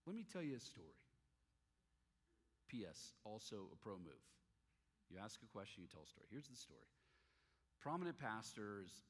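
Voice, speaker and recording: Husky male pastor in reverberant hall. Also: low-pitched. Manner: animated storyteller, acts out dialogue. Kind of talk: sermon with storytelling.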